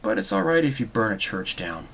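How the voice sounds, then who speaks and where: A man's voice: mid-range voice, huge pitch swings, brisk, creaky, fairly bright tone, a little hiss or hum, low-quality recording. A man hosting his own channel, delivering a sarcastic, rambling monologue full of restarts. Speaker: channel host. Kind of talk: opinionated monologue vlog.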